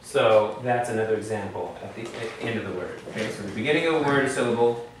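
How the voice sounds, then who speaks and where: A man whose voice is on the low side teaches Hebrew grammar quickly, explaining each rule in turn and putting questions to his students. The classroom recording has a noisy background and very echoey sound, captured far from the mic.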